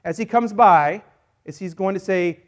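A man preaching a sermon as a pastor, playful and energetic, joking with volunteers while acting out a Bible story. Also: high voice, normal speed. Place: church service.

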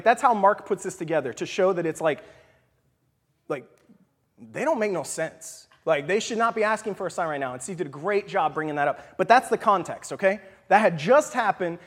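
A man teaching scripture in a relaxed, conversational way, often checking in with "right?" and sometimes dropping to a whisper for emphasis. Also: sits high, breathy edge. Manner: animated, leans on "right?" and "okay?". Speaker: Bible study teacher. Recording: long hall reverb.

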